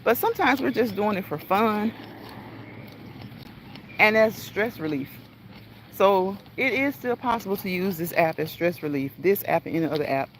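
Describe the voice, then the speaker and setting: A woman hosts a casual live stream. She repeats her phrases and encourages her viewers, at a mid pitch for a woman. Faint noise sits under her voice. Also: lively intonation, moderate pace, long pauses. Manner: repetitive, encouraging, laughs at own phrases. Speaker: livestream host.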